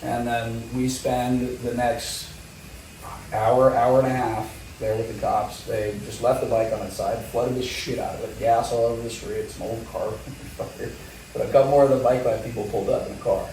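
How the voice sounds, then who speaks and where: A man telling a wild story in casual talk, animated and swearing, laughing often. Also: medium pitch, moderate pace, heavy reverb, distant mic, slight background noise, low-quality recording. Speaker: guest motorcycle rider.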